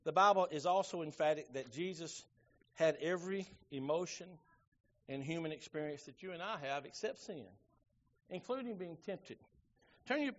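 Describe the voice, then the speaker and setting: Folksy pastor with a high voice. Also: male voice, highs cut off. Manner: folksy storytelling with Southern phrasing. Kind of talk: sermon.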